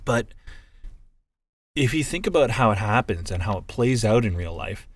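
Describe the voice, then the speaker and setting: A man co-hosting a casual podcast chat, animated and swearing freely as he acts out movie scenes. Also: lowish voice, moderate pace, husky, no echo. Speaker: podcast co-host.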